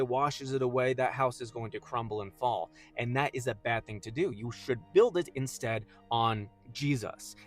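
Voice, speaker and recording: A man hosting a casual Bible teaching video, earnest and emphatic, slowing down when he reads verses aloud. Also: mid-range voice. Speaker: host.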